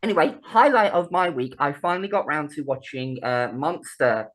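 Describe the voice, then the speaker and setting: A woman's voice: deep voice, lively intonation, moderate pace. A woman, co-hosting a podcast in casual chat, laughing often, swearing freely and bantering. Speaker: podcast co-host.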